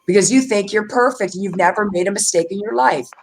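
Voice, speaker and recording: A woman's voice: medium pitch, fast. A woman hosting a livestream, talking bluntly and with emphasis in casual chat. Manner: blunt and emphatic, mocks others in quoted voices. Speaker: live stream host.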